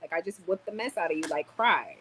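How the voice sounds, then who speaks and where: A young woman vlogging casually on a livestream, tired and chatty, telling stories with sudden loud exclamations. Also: lowish voice, expressive, fast, a little hiss or hum, rough recording.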